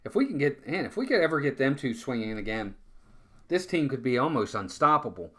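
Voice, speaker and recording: A man's voice: medium pitch, big pitch swings, a little fast, a bit bright. A man calling live baseball play-by-play in a casual, chatty way, often repeating words and talking to his viewers. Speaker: fan play-by-play streamer.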